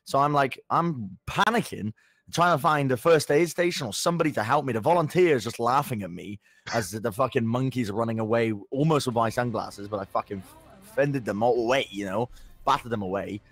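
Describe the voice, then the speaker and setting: A young man telling a story in casual chat, animated and sweary, with lots of stumbling restarts. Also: mid-range voice, brisk, dry recording. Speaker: podcast co-host.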